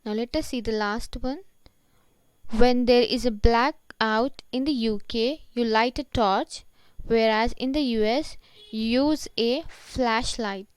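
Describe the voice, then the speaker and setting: A woman giving a vocabulary lesson, explaining each word deliberately in short phrases. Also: a little high, clean tone, no room sound, rough recording. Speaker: English teacher. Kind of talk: classroom-style vocabulary lesson.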